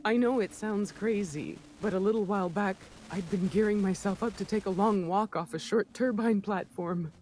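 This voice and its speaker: A woman's voice: medium pitch, moderate pace, hardly any pauses, darkish tone, slight background noise, close to an everyday voice. An actress voicing a jittery young female lab worker in hiding, breathless and rambling in video game dialogue. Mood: shaken.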